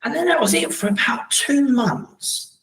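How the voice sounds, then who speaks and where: A middle-aged man from London with a South London accent, a podcast guest telling stories in a lively, casual way and acting out what people said. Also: extremely high pitch, unhurried, rough recording. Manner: animated, acts out quoted voices. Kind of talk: casual storytelling chat.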